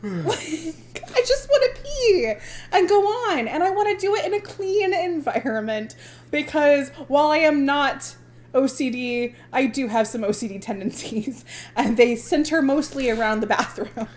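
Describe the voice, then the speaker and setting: A woman in her thirties co-hosts a podcast, chatting casually and animatedly with lots of laughter. Her voice is high and her pace measured, and she calls herself passive aggressive.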